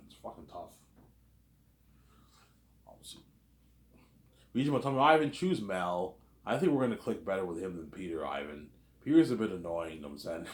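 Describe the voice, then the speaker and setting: A man hosting a casual, rambling commentary, repeating the same filler phrases again and again. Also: low-pitched. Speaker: host. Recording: roomy echo.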